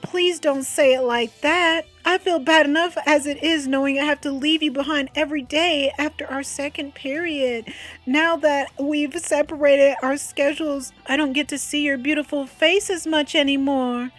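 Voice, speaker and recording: A bold schoolgirl from a webcomic who mothers and protects her friend, read aloud by a woman. She dotes and scolds in a fairly high voice. Faint music plays underneath. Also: fairly even intonation, moderate pace, natural voice. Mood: doting.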